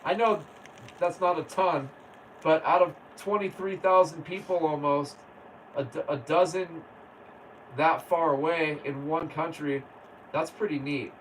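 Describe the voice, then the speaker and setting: Slow-talking man, distant mic. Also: a little high, fairly even intonation. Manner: laid-back, laughs often, reads viewer comments aloud. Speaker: livestream host. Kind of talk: casual live chat reading comments. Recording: distant mic with faint background noise.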